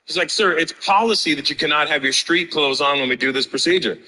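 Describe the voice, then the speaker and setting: A man's voice: a little high, fast talker, noisy background. A man doing a stand-up comedy set in front of a live audience, telling a brash, profane story full of acted-out dialogue.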